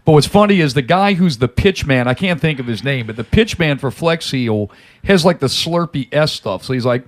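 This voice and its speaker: A man chatting on a casual podcast with a lively, bouncing delivery and a somewhat high voice. He talks with enthusiasm and swears easily as he describes things he finds funny. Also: moderate pace, dry recording. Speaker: podcast co-host.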